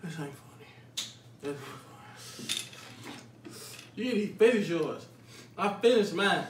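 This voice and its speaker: A man's voice: sits high, lively intonation, normal speed, recorded from a distance. A young man vlogging a food challenge, his mouth burning, exclaiming and groaning in slangy casual banter. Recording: roomy echo, off-mic, faint noise.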